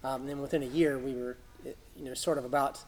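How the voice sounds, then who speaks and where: A man who co-owns a gym, explaining its growth in a measured, businesslike way as a podcast guest. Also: medium pitch, steady tone, darkish tone, slight background noise. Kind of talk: casual podcast interview.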